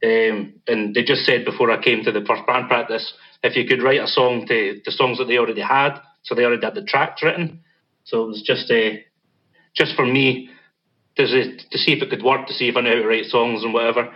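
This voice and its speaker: A man's voice: mid-range voice, steady tone, a little fast, highs cut off. A man with a Scottish accent, a band vocalist guest, talking in a laid-back, rambling way with many fillers. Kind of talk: casual interview chat.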